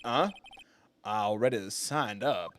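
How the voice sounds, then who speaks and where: A man's voice: on the low side, fairly bright tone, a little hiss or hum. A man voicing a laid-back young dude in a video game, with a Southern drawl and an easygoing way of talking. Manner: slow, easygoing, saying dude.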